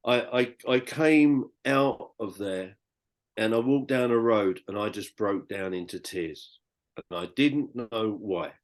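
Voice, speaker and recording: A man's voice: fairly low pitch, slow pace. A British man, a podcast guest, telling his personal story in a rambling, heartfelt way with many restarts. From Britain.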